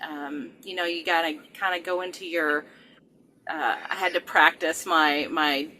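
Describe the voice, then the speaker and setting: A woman's voice: low voice, steady tone, a little slow, sharp tone, slight background noise, low-quality recording. A middle-aged woman, a regression therapist, talking casually with many fillers and restarts. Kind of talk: casual conversation.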